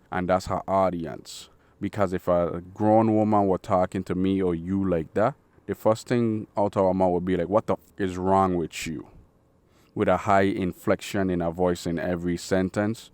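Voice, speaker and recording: Man, very low voice, blunt and preachy, cursing rant. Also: a little mellow. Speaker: commentary channel host. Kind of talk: opinionated monologue.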